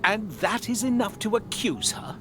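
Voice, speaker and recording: An actor playing a stiff British army captain who answers in a clipped, defensive manner. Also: male voice, sits high, lively intonation, normal speed, background noise.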